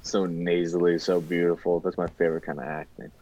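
A man's voice: deep voice, flat delivery, fast, a little mellow, highs cut off. A man hosting a casual, joking podcast chat with friends. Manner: laid-back, joking, swears. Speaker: podcast host.

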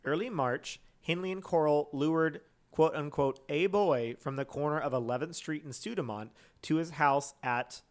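A man's voice: on the high side, normal speed, hardly any pauses. A man co-hosting a comedy podcast, casually telling a true crime story with lots of fillers and frequent laughter. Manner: rambling, many fillers, laughs often.

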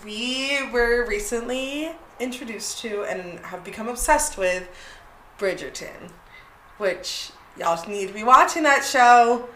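Bright, frank woman in casual banter. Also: fairly high pitch, takes it slowly. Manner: relaxed, laughing, frank banter. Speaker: co-host. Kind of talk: casual chat. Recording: roomy, distant mic with faint hiss.

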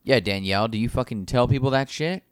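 A man's voice: medium pitch, fast, clean tone. A man co-hosting a podcast, teasing his friends with crude jokes and frequent laughter. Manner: laughs often, swears freely, teasing. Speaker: podcast co-host. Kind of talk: crude casual banter.

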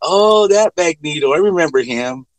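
A man chatting casually, relaxed and a bit hesitant, with casual swearing. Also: a little high, normal speed, no room sound, poor audio. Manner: laid-back, profane, hesitant. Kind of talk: casual chat.

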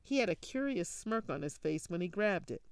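Gravelly, dry-voiced storyteller. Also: mid-range voice, animated, moderate pace, dry recording. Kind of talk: scripted narration.

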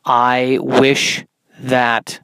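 Deadpan young man, very dry sound. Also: medium pitch, extremely slow, smooth, no room sound, rough recording. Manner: deadpan, self-mocking, slips into silly put-on voices. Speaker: podcast host. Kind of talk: solo comedic monologue. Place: inside a car.

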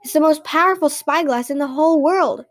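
A woman voicing a clever, mischievous little boy who boasts and teases loudly. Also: high-pitched, fairly quick, voice pushed up, natural voice. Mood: boastful. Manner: boastful, teasing, loud.

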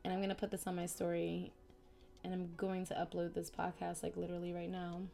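A woman hosting a spiritual podcast, talking in a casual, slangy, animated way that swings between excited outbursts and softer, quieter stretches. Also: lowish voice, brisk, vocal fry, soft background music. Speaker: podcast host.

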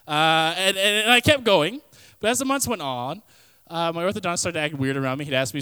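A man's voice: on the high side, expressive, quick pace, pushed and bright, clear, resonant tone. A young man preaching a youth sermon in a casual, storytelling way, full of "like" and comic asides. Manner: frequent fillers like "like" and "kinda". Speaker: youth pastor.

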